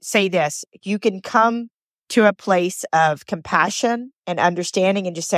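A woman hosts her podcast alone, delivering a heartfelt monologue at a measured pace in a medium-pitched voice. She is earnest and emotional, often stumbling and repeating words. The recording is dry and studio quality.

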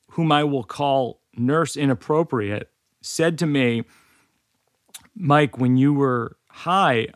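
A man's voice: mid-range voice, gravelly, no room sound, studio quality. A man in his forties telling a personal story in a candid, wry, self-deprecating way. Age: 40s.

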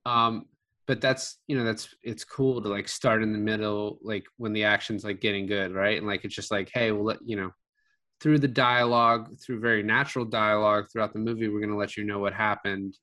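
A man's voice: fairly low pitch, steady tone, fairly quick, pushed and bright. A man casually reviewing a film with a co-host, rambling with many fillers and restarts. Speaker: podcast co-host. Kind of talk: casual movie review chat.

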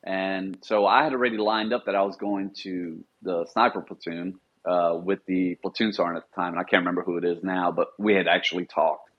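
A middle-aged man with a low voice recounts his time in the service in a casual interview. He slips into the voices of the officers he quotes, and his audio sounds dull and lo-fi. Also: fairly quick, few pauses. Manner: animated storyteller, acts out quoted officers in a higher voice. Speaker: podcast guest, former Marine sniper.

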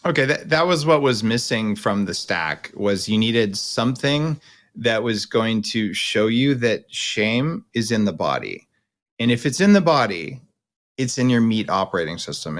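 A middle-aged man with a somewhat low voice, hosting a podcast. He explains at length, blunt and casual, and doesn't mind a bit of crude language. He talks like a coach walking a guest through her options. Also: lively intonation, measured pace. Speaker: podcast host. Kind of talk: coaching conversation.

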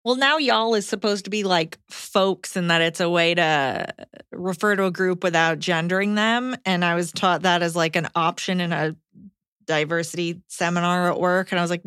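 A woman co-hosting a podcast, reading listener letters aloud in a brisk, blunt way. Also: fairly low pitch, fairly bright tone, clear, resonant tone, no room sound, studio quality.

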